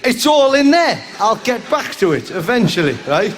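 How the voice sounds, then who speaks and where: A man doing a live stand-up routine, rambling and tagging lines with "right?", breaking into sudden shouts. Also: very high voice, sing-song, normal speed. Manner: bursts into shouts. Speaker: stand-up comedian. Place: live comedy venue with audience. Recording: live show with crowd noise.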